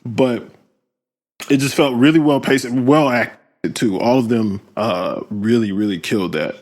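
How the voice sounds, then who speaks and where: A man hosting a casual film discussion podcast, talking thoughtfully with many pauses and fillers. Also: mid-range voice, darkish tone. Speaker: podcast host.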